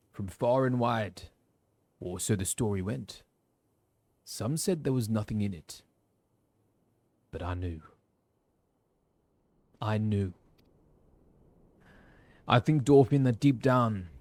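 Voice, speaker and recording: An actor voices an older frontier villager, reading game dialogue in a warm, unhurried storytelling style with pauses. His voice is on the low side and wistful in mood, recorded dry.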